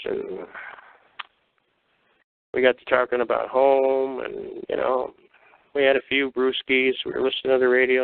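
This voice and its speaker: A man's voice: medium pitch, creaky, clear, resonant tone, no room sound. An older man from the Detroit area telling folksy, blunt war stories on a call-in show. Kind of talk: casual storytelling. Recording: tinny phone line.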